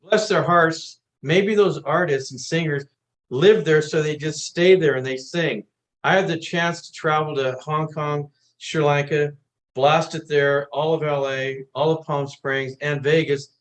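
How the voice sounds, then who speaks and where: A man, a singer-songwriter guest, telling animated anecdotes in a casual interview. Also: on the high side, unhurried, rough recording. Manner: animated anecdotes, acts out quotes.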